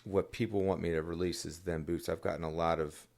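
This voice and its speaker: A man's voice: sits low, steady tone, brisk, creaky, darkish tone. A man talking as a songwriter guest on a podcast, rambling casually with many restarts and fillers.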